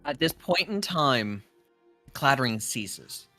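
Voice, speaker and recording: Man running a tabletop game, lively pitch. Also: slow pace, faint music behind. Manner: relaxed, hesitant narration with restarts. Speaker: dungeon master.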